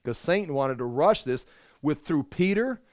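A man preaching as a pastor, explaining scripture in a conversational, animated way with frequent restarts. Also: a little high, normal speed, no echo, clean studio sound. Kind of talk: Bible study sermon.

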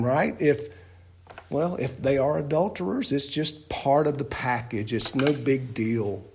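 A male pastor with a high voice delivers a sermon in a church at an unhurried pace. He stresses his points hard, repeats phrases and keeps asking rhetorical questions. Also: slightly rough.

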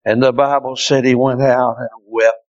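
A male preacher delivering an impassioned sermon, dropping to hushed tones and rising to shouts. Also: little pitch movement, normal speed, no room sound, muffled recording. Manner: impassioned, swinging from hushed lows to shouted peaks.

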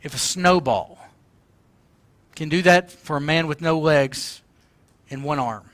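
A man's voice: a little high, slow pace, long pauses, fairly bright tone, no room sound. A man preaching a sermon, passionate and emphatic, at times crying out the words he quotes. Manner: impassioned, crying out quoted lines. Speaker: pastor.

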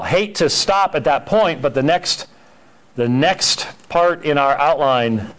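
A man's voice: fairly high pitch, animated, takes it slowly, fairly bright tone. A man teaching a Sunday school church history class in an emphatic, conversational way, often repeating words.

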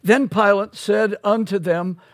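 A male pastor preaching an expository sermon, slow and emphatic, rising to loud peaks on key words. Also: high voice, fairly even intonation, no echo, studio quality.

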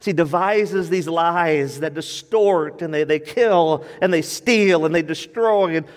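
A man's voice: on the high side, takes it slowly, in a large hall. A man preaching a sermon to his church, moving from teaching into impassioned, pleading prayer. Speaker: pastor.

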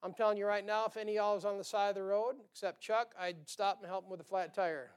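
A man preaches in a church, his voice pitched high and ringing clear. He is folksy and joking, and he keeps checking in with the congregation by asking "amen?". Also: fairly even intonation, fast talker. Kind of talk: sermon. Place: church sanctuary.

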